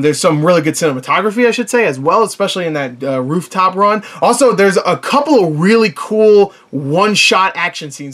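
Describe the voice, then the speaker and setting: A man's voice: fairly high pitch, fairly bright tone. A man giving a casual, rambling movie review, with lots of fillers and self-corrections and frequent chuckles.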